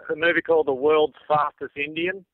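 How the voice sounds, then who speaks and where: A man's voice: fairly high pitch, little pitch movement, a little fast, no room sound. Australian man on a tinny phone line. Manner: self-deprecating, laid-back joking. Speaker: phone-in caller. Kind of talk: casual chat.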